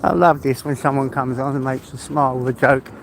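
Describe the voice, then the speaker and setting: A man's voice: medium pitch, level tone, fairly quick, background noise. An older man, chatting casually and heartfelt on a live stream, rambling and laughing often. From England.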